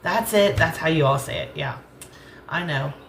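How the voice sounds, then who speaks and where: A Southern American woman from the rural United States hosts a cooking channel, rambling casually and laughing easily as she cooks in her home kitchen. Her low voice moves at a moderate pace with some vocal fry. The recording is reverberant, with a little hiss or hum.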